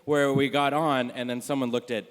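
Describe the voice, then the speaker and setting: A man on a panel telling an animated anecdote, laughing as he goes. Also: medium pitch, normal speed. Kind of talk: storytelling on a panel. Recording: hall reverb.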